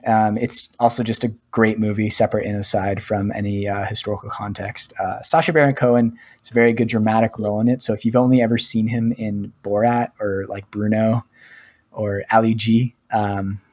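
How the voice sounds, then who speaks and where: A man co-hosting a podcast, chatting in a relaxed, rambling way with lots of fillers. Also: lowish voice, a little fast. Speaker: podcast co-host. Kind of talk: casual podcast chat.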